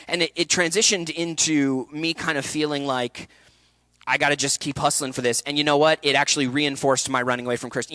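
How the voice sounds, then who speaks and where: Young man, festival speaker, bright forceful voice, candid energetic storytelling, dry sound. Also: a little high, fairly quick, no room sound. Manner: energetic, candid storytelling with laughs and acted quotes. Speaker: actor and speaker. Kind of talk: festival talk, personal story. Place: event hall.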